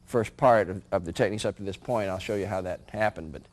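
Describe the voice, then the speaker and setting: Low-voiced man coaching martial arts. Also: fast talker, darkish tone. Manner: calls out moves while performing them; chuckles between counted steps. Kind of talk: demonstrating martial arts moves. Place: indoor training room.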